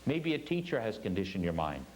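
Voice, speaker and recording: A man with a fairly low voice leads a spiritual class, telling a story in an earnest, emphatic way. He hammers home his points by repeating phrases. A faint hum sits under the recording. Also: very animated, brisk, poor audio. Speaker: spiritual teacher.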